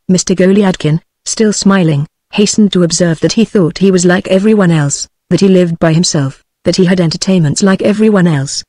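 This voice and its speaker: A text-to-speech woman's voice with a British English accent narrating an audiobook in an even, steady read. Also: on the low side, moderate pace, hardly any pauses, no echo. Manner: even, steady, synthetic reading.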